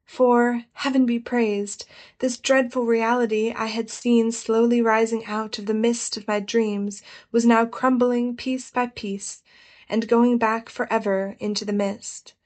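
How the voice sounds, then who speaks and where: Lady reading a novel aloud, measured and expressive, first person. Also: a little high. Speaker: audiobook narrator.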